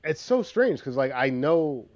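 A man's voice: mid-range voice, very animated, unhurried, a little mellow. Guy cohosting a movie podcast, kinda muffled lo-fi sound, trips over his words. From US East Coast. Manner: hesitant, restarts sentences. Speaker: podcast co-host. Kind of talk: casual movie-review chat.

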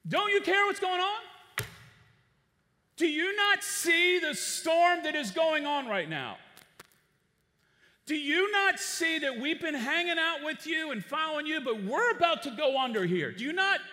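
Panicked disciples in a storm, as a pastor acts them out, crying out in very high, strained voices. They shout question after question, loud and bright. A long reverb trails every word. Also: male voice, very animated, a little slow, full character voice. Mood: frantic. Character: panicked fishermen disciples, adult men, frantic in a storm.

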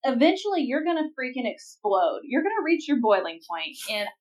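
Blunt, opinionated woman co-host, higher voice, heard from a bit away from the mic. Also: sing-song, a little fast, darkish tone, distant mic. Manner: frank, opinionated, blunt wording, laughs while quoting. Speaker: podcast co-host. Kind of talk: casual chat.

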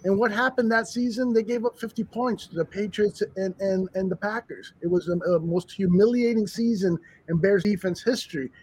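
A man co-hosting a casual sports talk show, telling stories in an animated way with many restarts. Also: high-pitched, moderate pace, few pauses, husky. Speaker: podcast co-host. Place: studio bar room.

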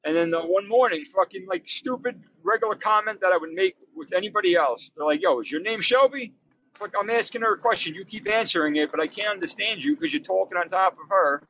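Man, high bright voice, casual swearing, dull lo-fi audio. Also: fast talker, hardly any pauses, a little hiss or hum. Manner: casual, profane, uses 'dude' and 'bro'. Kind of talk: casual chat.

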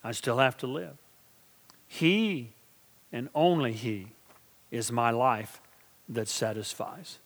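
A middle-aged male pastor preaching a sermon, asking his congregation questions and swinging from quiet, slow intensity to loud, emphatic build-ups. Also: mid-range voice, big-room sound. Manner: preaching with call-and-response asides to the congregation.

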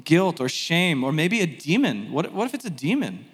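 A man teaching a sermon in a conversational, animated way, with self-deprecating asides. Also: on the high side, normal speed, slightly rough, in a large hall. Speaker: pastor.

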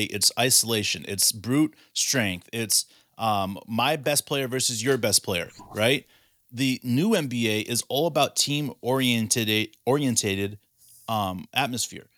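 A man in a casual sports talk show, building his argument with questions he answers himself. His voice sits at a middle pitch and sounds dry and close, with no room around it. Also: a bit bright, dry recording. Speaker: podcast co-host.

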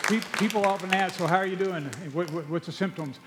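A man preaching a sermon as pastor, stretching key words slowly with emphasis and tiring easily, short of breath. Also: high voice, a loud crowd, heavy background noise. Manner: preaching with slow, drawn-out emphasis and repeated words. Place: church sanctuary. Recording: long church reverb.

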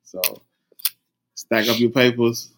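Halting, earnest male co-host. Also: medium pitch, completely flat delivery. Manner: halting, restarts a lot, earnest. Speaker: podcast co-host. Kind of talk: casual advice chat.

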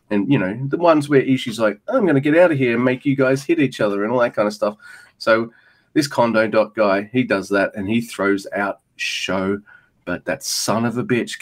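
Man, podcast co-host, casual recap, rambling, swears a lot, middling pitch. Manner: rambling, profane, animated play-by-play. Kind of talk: casual wrestling recap chat.

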